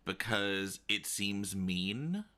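A man chatting casually about food, playful and animated, with exaggerated asides. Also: on the low side, drawn-out words. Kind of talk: casual chat.

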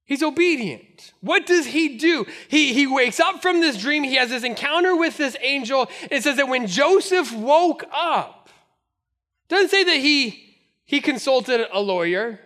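A male pastor preaching with a very high, bright voice. He tells his stories with animated energy and laughs often as he goes. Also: a little slow. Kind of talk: sermon.

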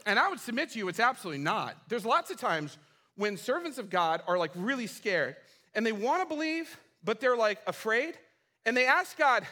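Male pastor, high bright voice, casual and funny while preaching. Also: fairly quick. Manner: animated, casual, humorous storytelling. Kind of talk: sermon. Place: church.

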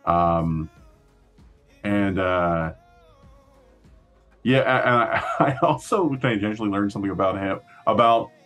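A man's voice: on the low side, a little slow, pauses often, a bit bright, faint music behind. A man chatting casually on a podcast, rambling through a story with frequent laughs and swearing. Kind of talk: casual chat.

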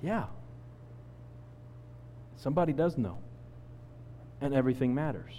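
A man in his forties preaching a sermon, telling a personal story with lively acted-out quotes. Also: mid-range voice, a little slow, in a large hall, a little hiss or hum. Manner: animated storyteller, acts out quotes. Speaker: pastor.

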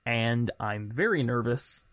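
A man's voice: mid-range voice, lively intonation, slow pace, a bit bright, dry recording, studio quality. A man playing a tabletop game, chatty and rambling, amused at himself. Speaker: player. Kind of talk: casual tabletop game play.

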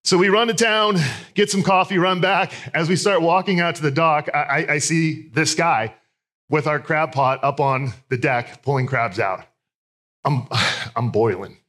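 A man's voice: a little high, measured pace, fairly bright tone. Candid storytelling pastor, a man. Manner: candid, storytelling, self-deprecating. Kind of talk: sermon with personal stories.

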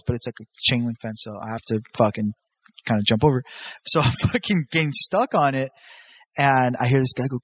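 A man's voice: medium pitch, dry recording. A young man telling stories in a casual chat, swearing freely and jumping his voice up to act out what people said. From Southern California. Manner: profane, animated, acts out quotes in raised voice.

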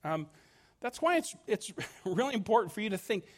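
Man, pastor, sermon, high voice, restarts often, chuckles between points. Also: big pitch swings, normal speed. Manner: conversational preaching with frequent restarts and ums.

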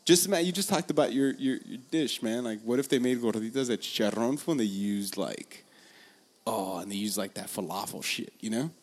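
A man in casual chat, telling rambling, profane stories that turn animated when he gets excited. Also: medium pitch, brisk. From Los Angeles area, USA.

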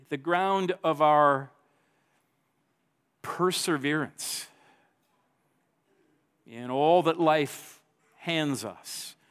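A man's voice: fairly high pitch, a bit bright. A man preaching a sermon, reading scripture aloud with emphasis and stumbling over restarts now and then. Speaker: pastor.

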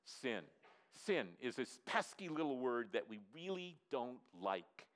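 A man, a pastor, preaching a sermon in an earnest, repetitive way, dropping his voice low for emphasis and asking the congregation to answer. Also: big pitch swings, measured pace, a bit bright. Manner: asks the audience to respond.

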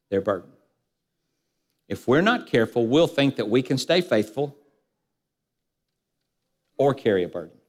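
A man preaching a sermon in a church, building repeated lists and rhetorical questions and letting his voice sink low at the ends of phrases. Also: in a large hall. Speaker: pastor.

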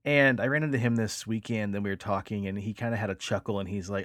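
Lively storytelling male podcast host. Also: on the low side, quick pace, hardly any pauses, no echo, studio quality. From El Dorado. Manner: lively storyteller, acts out quoted lines. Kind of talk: casual chat.

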